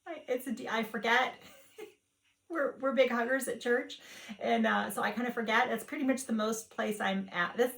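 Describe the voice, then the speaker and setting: A woman's voice: a little high, moderate pace, gravelly, roomy sound. A woman hosting a stitching vlog, chatting casually and rambling, often breaking off and restarting her sentences. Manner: rambling, warm-hearted, self-interrupting. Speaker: flosstube host. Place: home room, hard laminate floor.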